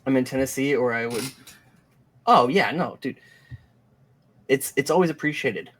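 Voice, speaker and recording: A man's voice: medium pitch, moderate pace, fairly bright tone, a little hiss or hum. A man co-hosting a live stream, joking and telling rambling stories in casual chat. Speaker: stream co-host.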